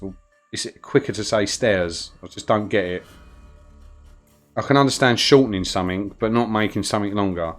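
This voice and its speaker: A man's voice: fairly low pitch, moderate pace, faint music behind. A man with a London accent giving chatty, rambling gameplay commentary on a live stream and greeting viewers in the chat as he plays. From London, England.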